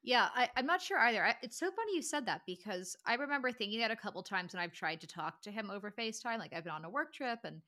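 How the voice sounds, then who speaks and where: A woman co-hosting a podcast in casual chat, animated and full of filler words. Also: a little high, fast talker, few pauses. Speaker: podcast co-host.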